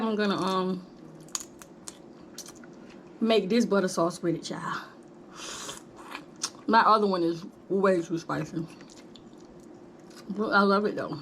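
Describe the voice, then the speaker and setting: A woman's voice: mid-range voice, slow pace, long pauses, fairly bright tone. Woman doing a mukbang, laid-back chatty talk between bites, faint noise in the back. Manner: chatty, drawling, folksy with "honey" and "y'all". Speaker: mukbang vlogger. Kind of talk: casual chat while eating.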